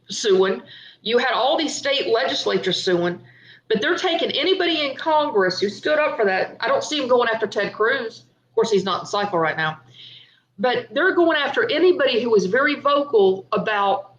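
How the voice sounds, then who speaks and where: A woman hosting a political commentary livestream, talking excitedly and emphatically straight to her viewers. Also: a little high. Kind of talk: Facebook live political commentary. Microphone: webcam or phone on livestream. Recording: echoey room, slightly muffled livestream audio.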